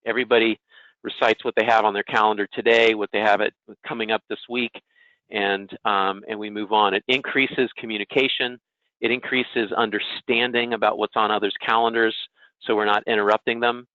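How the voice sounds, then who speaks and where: Low-voiced man presenting over tinny audio. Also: little pitch movement, brisk, bright, forceful tone, no echo. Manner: casual, asks listeners "right?". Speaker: webinar presenter. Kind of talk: conversational webinar presentation. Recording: tinny phone-like webinar audio, dry.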